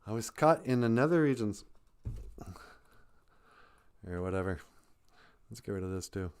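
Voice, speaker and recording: With a clear, resonant tone, the man tells his comic folk tale unhurriedly as host of a live stream, keeping it rambling and jokey. His voice sits on the low side with lively intonation.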